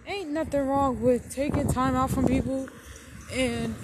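Slow-talking woman riffing casually. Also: sits high, steady tone, background noise. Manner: slangy, blunt, swears, drawn-out emphasis. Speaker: podcast host. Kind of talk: casual rambling commentary.

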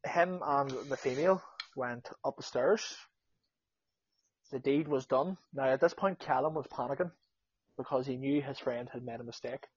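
A young man with a Northern Irish accent telling a casual anecdote, animated, swearing freely and acting out what people said. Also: mid-range voice, normal speed, husky, dry recording. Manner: animated storyteller, swears freely, acts out quotes. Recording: dull lo-fi sound.

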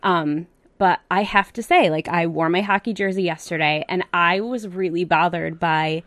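A woman's voice: lowish voice, moderate pace, a bit bright, no echo. A woman in casual chat, rambling with lots of fillers.

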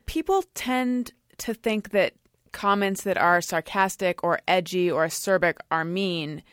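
A woman's voice: fairly low pitch, unhurried, fairly bright tone, dry recording, clean studio sound. A woman hosting a podcast, asking thoughtful, hedging questions and laughing easily. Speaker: podcast host. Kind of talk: casual podcast interview.

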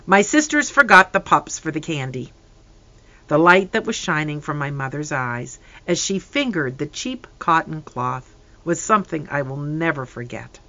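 Storybook narrator, bright voice, reads slow and expressive, dry close sound. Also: mid-range voice, no room sound. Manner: expressive, unhurried reading with lively swings in tone. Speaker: audiobook narrator.

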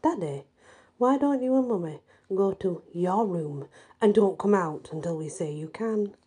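A woman voicing mocking, possessed changeling children in a spoken story, taunting in a husky voice. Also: mid-range voice, expressive, unhurried, mellow.

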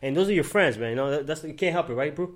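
With a fairly high, lively voice and a very fast pace, a young man from Miami hosts a laid-back podcast. His stories are profane street tales, and he performs the quotes of the people involved.

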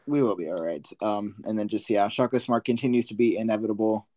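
Relaxed young man hosting sports chat. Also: fairly low pitch, quick pace. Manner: relaxed, filler-heavy. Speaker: podcast host.

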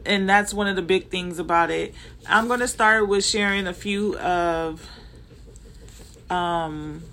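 Bright-voiced Southern Californian woman. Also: medium pitch, slight background noise. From Compton, Los Angeles, United States. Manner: conversational, with frequent fillers and self-corrections. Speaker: manager sharing workplace experiences. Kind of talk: casual explanatory monologue.

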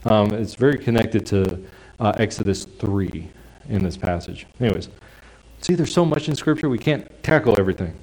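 A male preacher giving a sermon in a conversational, explanatory way, dropping into soft hushed tones for quiet phrases. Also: lowish voice, normal speed, low-quality recording. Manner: conversational, drops to a soft hush for quiet lines.

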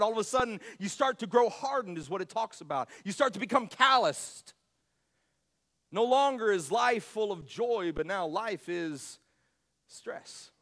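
A man preaching a sermon as pastor, emphatic, repeating his words and swinging between loud and quiet. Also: high voice.

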